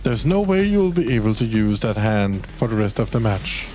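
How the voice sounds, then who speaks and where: A young Danish man with a fairly low, a little mellow voice streams a dating game, reading its text very animatedly at a moderate pace. Casual and playful, he now and then swears and talks to his pet. Soft background music accompanies the low-quality recording.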